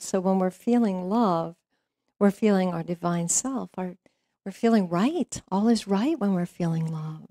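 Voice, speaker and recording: A woman minister speaks from the pulpit in a middle-pitched voice, talking loosely and conversationally. She weaves a parable into her sermon, leaning on "you know" and "um" as she goes. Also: a little slow, no room sound, studio quality. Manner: warm conversational storytelling with frequent fillers and laughs. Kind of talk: sermon with storytelling. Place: church sanctuary.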